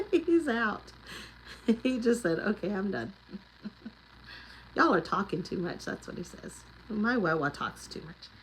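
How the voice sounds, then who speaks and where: A woman's voice: medium pitch, very animated, takes it slowly, pauses often, slight background noise, poor audio. A middle-aged woman, chatting casually on a livestream and reading out viewer comments. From Oklahoma Panhandle. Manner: chatty, laughs often, rambling asides. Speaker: livestream host.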